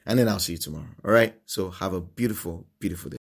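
A man with a fairly low voice preaches a sermon. He speaks earnestly and pleads with his listeners, going back over short phrases again and again as if chanting them. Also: fast talker, gravelly, slightly rough. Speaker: pastor.

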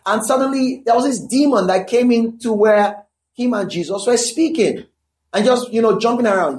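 A man with a notably high voice preaches a sermon. He talks emphatically, repeats key lines for effect, and keeps checking in with his listeners between points. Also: moderate pace, darkish tone. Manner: conversational asides to the listeners.

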